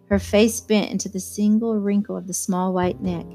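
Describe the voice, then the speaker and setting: Woman reading a novel aloud, soft guitar behind. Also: medium pitch, little pitch movement, moderate pace, hardly any pauses. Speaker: audiobook reader. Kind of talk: first-person novel narration.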